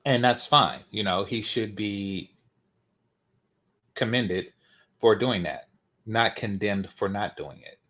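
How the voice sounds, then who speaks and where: A man's voice: lowish voice, slow, pauses often, fairly bright tone. A man reacting to a video, mocking and emphatic, repeating his points for effect. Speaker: reaction commentator.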